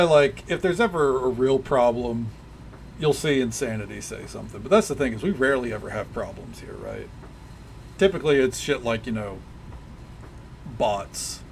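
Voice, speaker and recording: Gravelly man with a light Tennessee drawl. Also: medium pitch, slight background noise. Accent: light Tennessee Southern drawl. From Tennessee, USA. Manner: rambling, filler-heavy, easygoing. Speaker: streamer. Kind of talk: casual chat with viewers while gaming.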